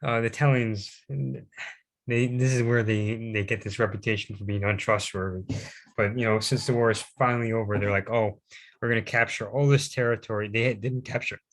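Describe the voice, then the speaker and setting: A fairly low-voiced young man talks through a history presentation in a loose, informal way. He rambles and hesitates, fills gaps with "um," and restarts his sentences. Now and then he drops a self-deprecating aside. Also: fairly even intonation, normal speed.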